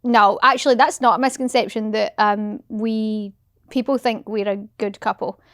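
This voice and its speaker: A high-voiced British woman co-hosts a podcast in casual chat, blunt and teasing, swearing freely. Her voice sits close and dry on the mic, with no room sound at all. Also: fairly even intonation, normal speed, a bit bright, dry recording. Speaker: podcast co-host.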